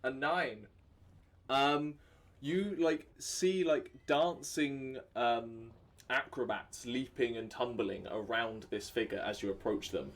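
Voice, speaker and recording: A man with a Welsh accent, narrating and running a tabletop game as dungeon master in a relaxed, rambling way full of fillers. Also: mid-range voice, slow pace.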